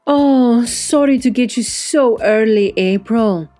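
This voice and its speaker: A flirtatious, showy rich woman with a thick Russian accent, as a female narrator puts her on, gushing every line with high, bright drama. Her voice sits well above the reader's own, over faint music. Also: slow.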